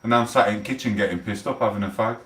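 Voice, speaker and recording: A man with a Sheffield accent, chatting casually on a live stream, rambling and swearing with loud outbursts. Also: fairly low pitch, quick pace, reverberant, far from the mic. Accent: Sheffield, South Yorkshire. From England.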